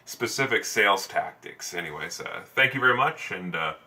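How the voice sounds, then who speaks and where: Man, casual storytelling, rambling, many fillers, bright voice, heard from a distance. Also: lowish voice, expressive, normal speed. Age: adult, over ten years in sales. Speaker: salesman vlogger.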